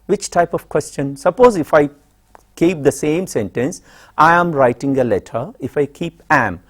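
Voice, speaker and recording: A middle-aged man with an Indian English accent teaching a classroom grammar lesson, slowly and deliberately repeating example questions and answers. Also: fairly high pitch, lively intonation.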